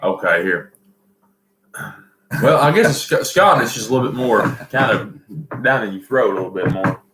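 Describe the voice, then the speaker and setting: A man's voice: medium pitch, animated, moderate pace, a bit bright. Folksy Southern man, echoey room. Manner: folksy, rambling, reads viewer comments aloud. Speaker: livestream host. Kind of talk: casual livestream chat.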